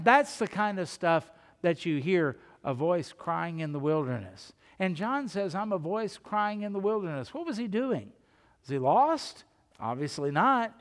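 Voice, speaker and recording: A pastor preaches a sermon in a high-pitched voice, telling stories folksily and conversationally with asides. The sound suggests a big room.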